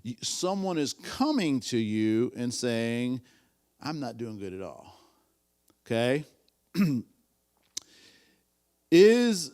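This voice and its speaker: Lively-voiced man teaching a church class. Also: mid-range voice, smooth. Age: 50s. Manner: rambling, repeats himself, asks the class questions. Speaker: Sunday school teacher.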